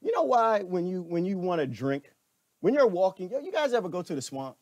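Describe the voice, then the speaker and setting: A man delivers a lively, preachy opinion monologue with a wry edge. His pitch rises and falls widely as he talks. The sound is dry and close, with no room around it. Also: brisk, dry recording. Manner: preachy, wry, acts out voices. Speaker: commentator.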